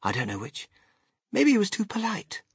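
Eccentric excitable candy factory boss put on by a guy reading a storybook, swoopy and showy, husky edge. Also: normal speed, dry recording, clean studio sound, exaggerated voice. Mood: exclaiming. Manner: theatrical, exclamatory, swooping into high shouts. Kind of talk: audiobook character reading.

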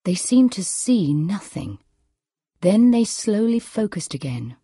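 A woman reading a story aloud in a measured, quiet way. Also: mid-range voice, big pitch swings, breathy edge, dry recording, studio quality. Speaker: narrator.

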